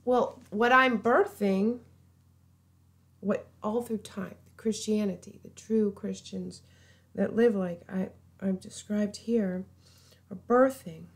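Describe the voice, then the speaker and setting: A woman giving an informal sermon, earnest and pleading, often dropping to a hushed voice. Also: medium pitch, steady tone, takes it slowly. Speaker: preacher.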